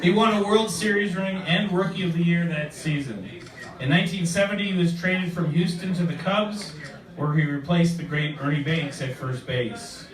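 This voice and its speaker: A man announcing guests, reading out a formal introduction in a steady manner. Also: on the high side, moderate pace. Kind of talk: read-out introduction. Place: club event room with audience. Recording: roomy hall, distant mic, crowd.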